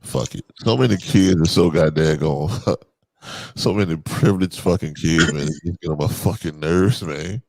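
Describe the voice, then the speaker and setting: Deep-voiced man in loose podcast chat. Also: normal speed, gravelly, no echo. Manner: animated, swears a lot, loud outbursts when worked up. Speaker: podcast co-host. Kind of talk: casual chat.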